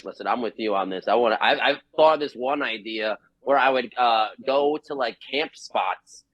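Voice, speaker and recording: A young man from New Jersey, a band vocalist telling a rambling, animated story on a podcast and laughing through it. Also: medium pitch, normal speed, dry recording, lo-fi sound. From New Jersey, USA.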